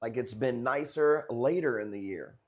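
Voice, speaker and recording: A young man from the Chicago area talks loosely with his viewers while he runs a live coral sale. His speech is relaxed and profane, and his voice sits at an ordinary middle pitch for a man. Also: moderate pace. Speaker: livestream coral seller. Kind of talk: casual livestream chat.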